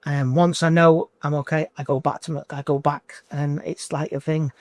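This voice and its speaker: Man, forties, coaching client in an emotional interview; halting and repetitive delivery, slightly high voice, dry close recording. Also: flat delivery, a little mellow, no room sound. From United Kingdom. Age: 40s. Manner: halting, repeats himself, restarts phrases.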